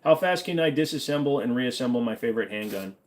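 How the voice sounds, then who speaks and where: A man's voice: mid-range voice, expressive, fast. Joking, profane man hosting a livestream. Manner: joking, profane, answers chat questions. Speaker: livestream host reading viewer questions. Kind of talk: casual livestream Q&A.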